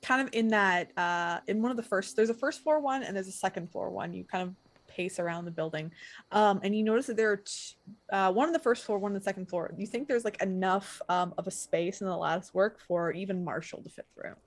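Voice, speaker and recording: A woman's voice: medium pitch, a little fast. A woman narrating a tabletop game as game master, casual and hesitant, with many fillers.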